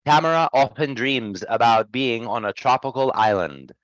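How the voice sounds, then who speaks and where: A man teaching pronunciation one-on-one, patiently modelling words and gently correcting his student. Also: medium pitch, animated, normal speed, no room sound, highs cut off. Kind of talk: one-on-one lesson.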